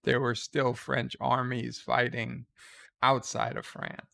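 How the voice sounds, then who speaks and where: Slow, gravelly man. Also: medium pitch, little pitch movement, sharp tone. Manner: rambling and wry, with restarts and asides. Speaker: livestream host. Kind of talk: casual livestream chat, reading viewer comments aloud.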